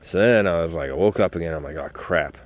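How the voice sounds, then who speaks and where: A man's voice: deep voice, racing, very noisy. A man hosting a podcast, telling a personal story in a casual, rambling, informal way and addressing his listeners directly. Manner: rambling, informal, swears, talks straight to listeners. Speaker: podcast host.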